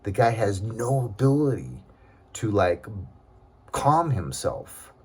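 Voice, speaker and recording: A man's voice: on the low side, sing-song, slow pace, husky. A man vlogging in a casual, rambling monologue, talking in an aggrieved tone with many fillers and asides.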